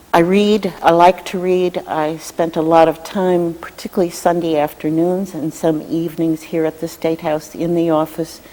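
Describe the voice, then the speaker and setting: A woman legislator and committee chair giving measured, thoughtful answers in a televised interview, often pausing with fillers. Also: fairly low pitch, warm tone. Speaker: state representative and committee chair. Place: state house studio. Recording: reverberant room with long echo.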